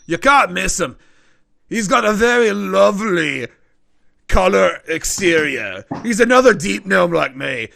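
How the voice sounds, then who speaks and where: A man voicing a sly, gruff male deep gnome barkeeper who talks in rough slang. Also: animated, measured pace, sharp tone, heavily acted. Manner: rough slangy talk with "oi" and "ain't".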